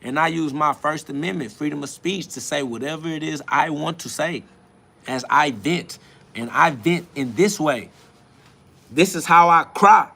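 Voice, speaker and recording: Defiant gravelly-voiced man preaching on a livestream. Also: fairly high pitch, measured pace, sharp tone. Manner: defiant, preachy, laughing often, repeating phrases. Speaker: livestream host. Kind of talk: live self-talk stream, reading and answering chat.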